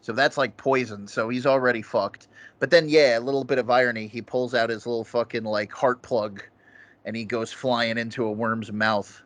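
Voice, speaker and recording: A man's voice: medium pitch, moderate pace, no room sound. A man co-hosting a laid-back movie review, swearing freely and getting worked up over the goofy scenes. His voice sits in an ordinary middle range and sounds close and dry, with almost no room in it. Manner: excited, profane, quotes scenes in goofy voices. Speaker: podcast co-host. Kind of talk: casual movie review chat.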